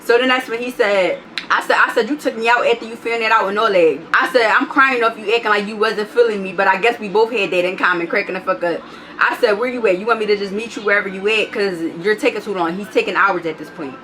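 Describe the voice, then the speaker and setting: A woman's voice: mid-range voice, fast talker, fairly bright tone. Blunt, profane woman vlogger telling a story. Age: adult, has a child. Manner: blunt, profane, retells arguments in quoted back-and-forth. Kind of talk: casual storytime monologue.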